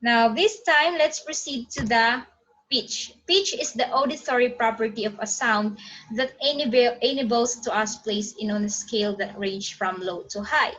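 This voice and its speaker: A woman teaching phonetics in an online lecture, often saying "okay" and pausing to check her slides. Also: on the high side, fairly bright tone, low-quality recording. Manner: frequent "okay" fillers, pauses to check slides.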